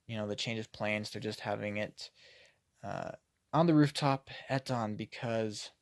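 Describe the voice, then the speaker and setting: A man's voice: on the low side, a little slow, dry recording. A man giving a casual, critical comic book review, hesitating often and sighing.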